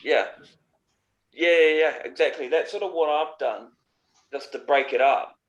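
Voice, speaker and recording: A man teaching a painting workshop, guiding a student with easygoing suggestions and relaxed chat. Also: on the high side, unhurried. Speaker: art tutor. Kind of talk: casual chat and instruction.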